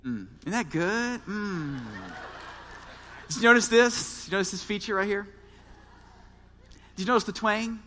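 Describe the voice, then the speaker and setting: Bright-voiced man preaching in a church hall. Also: high-pitched, unhurried, pauses often, a little hiss or hum. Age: 30s. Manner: earnest, speaks directly to the congregation. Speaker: pastor. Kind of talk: sermon.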